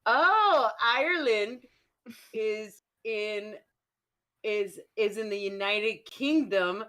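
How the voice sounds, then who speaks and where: Giggly slow-talking woman podcaster. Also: medium pitch, expressive, bright, forceful tone, low-quality recording. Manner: giggly, rambling, thinks aloud. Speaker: podcast co-host. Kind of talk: casual podcast banter.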